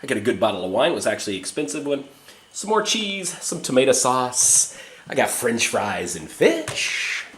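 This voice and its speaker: A man's voice: medium pitch, sing-song, normal speed, a bit bright, a little hiss or hum. Guy rambling on a vlog, chatty and swears a bit, really echoey room, kinda far from the mic. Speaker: vlogger. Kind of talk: casual vlog chat and apartment tour. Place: small apartment indoors.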